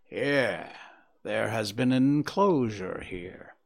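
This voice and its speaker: A man voicing a keen Victorian detective who explains his deductions in a measured, clipped way, read as an audiobook. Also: fairly low pitch, lively intonation, gravelly, full character voice. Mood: deducing.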